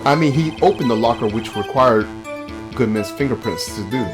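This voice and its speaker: A man's voice: medium pitch, a little fast, over music, natural voice. A man voicing an overly dutiful young male police officer who keeps saying "sir" while reading game dialogue aloud. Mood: earnest. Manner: ends every sentence with "sir".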